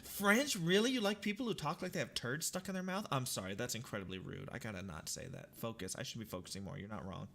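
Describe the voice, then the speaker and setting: A young American man chatting casually with viewers while he plays, jokey and animated, now and then shouting at the game. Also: medium pitch, fast talker, vocal fry, few pauses, slight background noise. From United States. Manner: jokey, animated, reads chat aloud, bursts into shouts at the game. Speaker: livestreamer. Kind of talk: casual gameplay chat with viewers.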